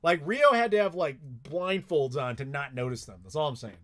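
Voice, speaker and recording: A man's voice: fairly high pitch, very animated, moderate pace. A man casually answering viewer questions on a live stream, rambling and swearing freely with lots of filler words.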